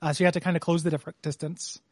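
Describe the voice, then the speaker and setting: A man's voice: a little high, level tone, very fast, dry recording, studio quality. A man co-hosting a podcast, chatting casually and jokingly about a video game, with lots of fillers and the odd swear. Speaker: podcast co-host.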